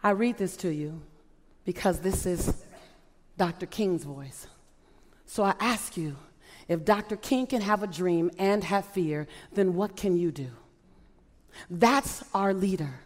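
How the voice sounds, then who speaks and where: A woman's voice: on the low side, slow pace, long pauses. Impassioned woman speaker in a big hall. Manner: impassioned, repeated rhetorical questions. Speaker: motivational speaker. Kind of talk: inspirational speech to a live audience. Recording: long reverb of a large hall.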